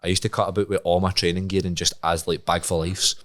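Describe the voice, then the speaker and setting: Scottish man telling a story, low voice. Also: quick pace. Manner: animated, laughing, acts out voices in his stories. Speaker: podcast co-host. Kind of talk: casual storytelling.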